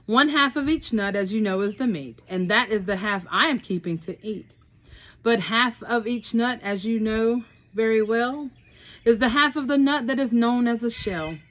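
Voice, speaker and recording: A small male bug from a storybook bosses everyone around in a high, snappish voice, as a woman puts him on. He gloats and commands without pause. The tone is domineering and pleased with itself. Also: fairly bright tone, lightly acted. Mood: bossy.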